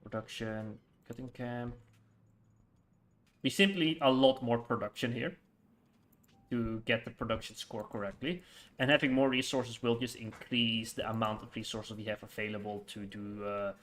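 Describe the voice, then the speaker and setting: A man streaming a city-building game in casual chat, rambling with lots of fillers and quick laughs. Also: mid-range voice, steady tone, a bit bright, a little hiss or hum. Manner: rambling, hesitant, full of fillers and frequent laughs. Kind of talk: casual live-stream chat while playing.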